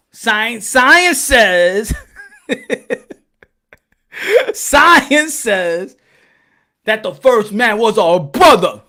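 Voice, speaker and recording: A man's voice: sits high, bright, forceful tone. A man hosting a podcast, riffing animatedly in street slang and laughing often. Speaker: podcast host. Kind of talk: comic storytelling riff.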